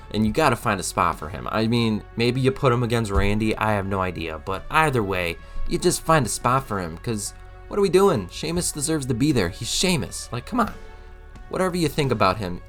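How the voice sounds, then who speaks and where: A man's voice: lowish voice, a bit bright. A young man giving a casual, emphatic opinion monologue as a vlogger, rambling with frequent restarts. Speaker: wrestling commentary vlogger.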